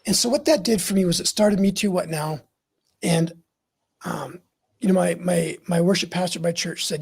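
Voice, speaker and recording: A man's voice: high voice, moderate pace, gravelly, husky. A middle-aged man as an interview guest, telling his story in a frank, earnest way. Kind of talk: candid interview talk.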